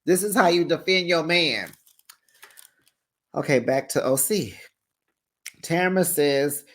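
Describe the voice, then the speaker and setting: Sassy reality TV recap host, mid-range pitch, slow drawling pace, gossipy commentary. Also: expressive. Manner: sassy, gossipy, talks straight to viewers.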